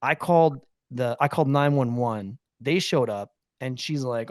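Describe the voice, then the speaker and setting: A man's voice: medium pitch, normal speed, hardly any pauses, darkish tone, dry recording, studio quality. A man co-hosting a podcast, telling a family story in casual chat and acting out the quotes. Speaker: podcast host.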